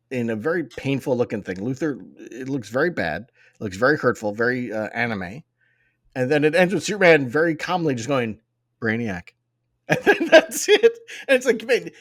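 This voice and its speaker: An eager fan of a man in casual podcast chat, who keeps saying how much he loves every scene. His pitch jumps up and down, and the recording sounds close and dry, with no room around it. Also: a bit bright, no room sound. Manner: enthusiastic fan, keeps repeating "I love that". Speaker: podcast co-host. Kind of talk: casual chat reviewing a cartoon episode.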